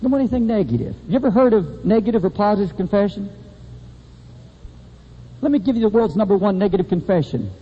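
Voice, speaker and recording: A man in middle age delivers an impassioned sermon, his voice pitched high with a husky edge. The recording is muffled and lo-fi, with a long reverb from a large hall around him. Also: animated, a little fast, pauses often. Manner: impassioned, swinging between high and low emphasis. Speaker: preacher.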